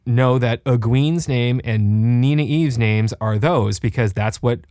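A young adult man co-hosting a podcast, animated and joking, with a casual, profane way of talking. His voice sits at a middle pitch and the sound is close and dry, recorded in his home studio. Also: a little slow, smooth, no room sound. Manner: animated, swears freely, jokey. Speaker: podcast co-host.

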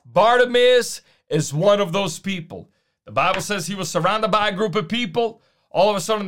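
A man preaching a sermon, emphatic, slowing down to repeat key lines. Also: sits high, fairly bright tone.

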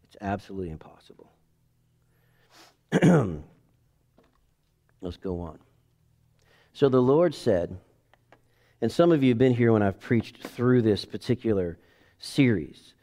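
A middle-aged man preaching as a pastor, emphatic, swinging from quiet asides to loud bursts and leading the congregation in call-and-response. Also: lowish voice, lively intonation, unhurried, long pauses. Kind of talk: sermon.

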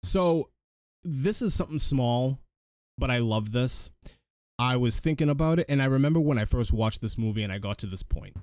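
Male podcast host, animated recap delivery, dry close-miked sound. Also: medium pitch, moderate pace, dry recording. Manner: animated storyteller, frequent restarts. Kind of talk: casual film recap chat.

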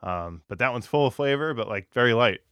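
A man, a brewery co-founder, chatting casually on a podcast, relaxed and full of fillers. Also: mid-range voice, fairly quick, clear, resonant tone, no room sound, muffled recording.

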